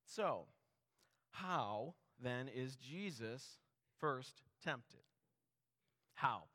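A man's voice: medium pitch, expressive, extremely slow, bright, forceful tone. A man preaching a sermon as pastor, talking earnestly and conversationally, with many rhetorical questions to the congregation.

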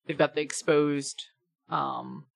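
A woman narrating a tabletop game as game master, describing scenes in a relaxed, halting way. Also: low-pitched, gravelly, dry recording.

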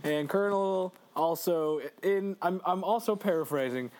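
A man co-hosting a casual video game chat, excitable, swearing freely and laughing often. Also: high-pitched, moderate pace, a little hiss or hum. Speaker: let's play co-host.

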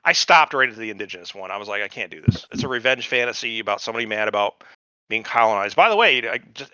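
A man's voice: a little high, pushed and bright, no room sound, muffled recording. Rambling, foul-mouthed podcast man. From United States. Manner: profane, rambling, digressive. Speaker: podcast co-host. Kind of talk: casual chat.

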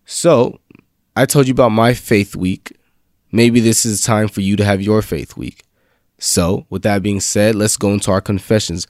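A man's voice: on the low side, steady tone, moderate pace, darkish tone, no room sound, studio quality. A young man giving a casual, slangy faith talk that builds into fervent spoken confessions. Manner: laid-back slangy preaching, rising to fervent confessions. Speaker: faith vlog host.

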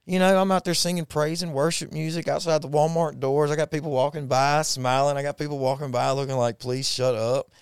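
A man's voice: on the high side, fairly even intonation, a little fast, hardly any pauses, clean tone, no echo, clean studio sound. A man telling a personal faith story in a folksy, repetitive way on a podcast. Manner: folksy Southern-style storytelling, repeats himself when moved. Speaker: podcast guest.

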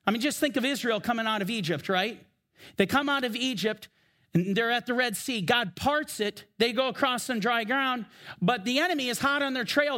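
A man preaching from the pulpit with a strikingly high voice. He speaks with emphasis and slows down for the scripture he reads aloud. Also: bright, forceful tone. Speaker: pastor. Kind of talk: sermon. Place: church.

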